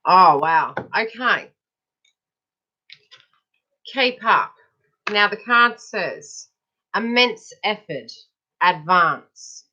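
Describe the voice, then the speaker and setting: A woman's voice: mid-range voice, animated, extremely slow, long pauses, sharp tone, lo-fi sound. A woman giving a casual, chatty live tarot reading. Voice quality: chatty, breaks off to talk to people nearby. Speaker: psychic tarot reader.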